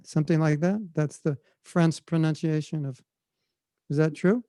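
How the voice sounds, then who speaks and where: A man answering questions on a video call, telling a relaxed story and demonstrating chanting. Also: a little high, moderate pace, dry recording. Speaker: spiritual teacher answering questions.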